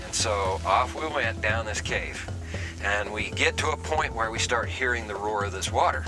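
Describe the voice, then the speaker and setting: A man's voice: lowish voice, normal speed, rough recording. A middle-aged man telling a caving story in a folksy way for a documentary interview, acting out the lines he quotes. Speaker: caver recounting an expedition. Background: music bed.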